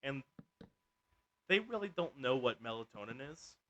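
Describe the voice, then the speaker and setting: A man hosting a gaming video, telling a long story in a loose, rambling way. He fills his talk with "like" and restarts sentences. His voice sits at a middle pitch. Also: big pitch swings, normal speed, pushed and bright, lo-fi sound. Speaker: gaming channel host. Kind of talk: casual storytelling while gaming.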